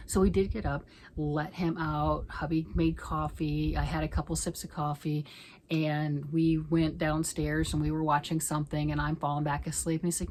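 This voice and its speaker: A middle-aged woman chats casually from home, rambling from one thought to the next. Her voice sits a little low, and she often drops into a hushed near-whisper. A faint hum of noise sits behind her. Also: steady tone, normal speed, rough recording. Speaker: knitting vlogger. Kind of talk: casual chat.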